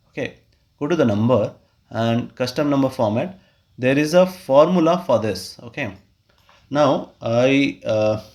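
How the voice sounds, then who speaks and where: A man's voice: mid-range voice, a little mellow. A man, explaining a spreadsheet tutorial step by step with frequent okays and uh fillers. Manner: step-by-step, explains while clicking, frequent "okay" and "uh". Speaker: tutorial host. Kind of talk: screen-recorded software tutorial.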